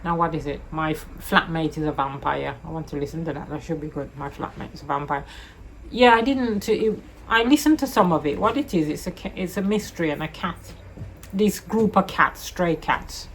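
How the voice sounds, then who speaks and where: Low-pitched woman vlogger reviewing books off the cuff, meandering and backtracking. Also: moderate pace, slight background noise. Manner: rambling, self-correcting, retells the plot loosely. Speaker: book reviewer. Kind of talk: casual book review chat.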